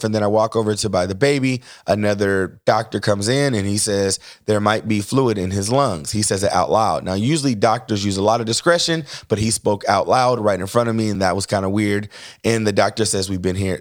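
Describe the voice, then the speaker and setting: Low-voiced man telling a story animatedly. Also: no room sound, clean studio sound. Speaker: co-host telling a family story. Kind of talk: casual storytelling chat. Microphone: microphone.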